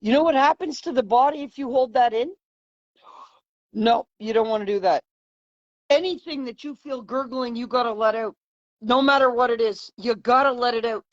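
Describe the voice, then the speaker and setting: A woman's voice: on the high side, normal speed. A woman hosting a heartfelt conversation, talking earnestly and repeating phrases for emphasis. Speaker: host. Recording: dull lo-fi sound.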